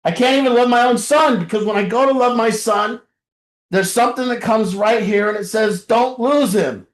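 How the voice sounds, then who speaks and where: A man addresses a recovery group in a raw, confessional talk, blunt and full of swearing, sinking to near-murmurs and then shouting. His voice sits high for a man. The sound rings around a roomy, echoing meeting room. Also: fairly quick. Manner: blunt and profane, swinging from quiet to shouting. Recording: roomy echo.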